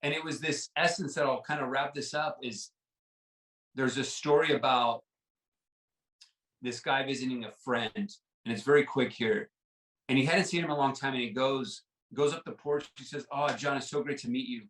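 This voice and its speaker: A man's voice: mid-range voice, moderate pace, a bit bright, echoey room, recorded from a distance, rough recording. A man guest in a podcast interview, earnestly telling a personal story and often repeating himself with fillers like "like" and "right?".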